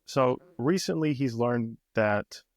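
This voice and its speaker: Coach guy telling a long story on a podcast, mid pitch, stops and restarts a lot, dry sound. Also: animated, slow, no room sound. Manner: storytelling, many restarts, acts out quoted voices. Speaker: personal coach, podcast co-host. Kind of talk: casual podcast chat.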